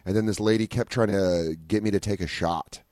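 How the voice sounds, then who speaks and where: A man's voice: lowish voice, a little fast, dry recording, studio quality. A man hosting a comedy podcast, telling profane road stories in casual chat and acting out what people said. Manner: profane, animated, acts out quotes.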